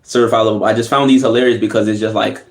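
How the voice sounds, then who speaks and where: A man hosting a reaction video, talking casually in an animated, slangy way and laughing often. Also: fairly low pitch, very fast. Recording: echoey room.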